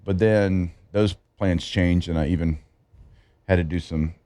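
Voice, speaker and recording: A man's voice: low voice, fairly even intonation, unhurried, mellow, no room sound. A man co-hosting a morning sports radio show, chatting and joking easily with his co-hosts. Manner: easygoing, joking banter.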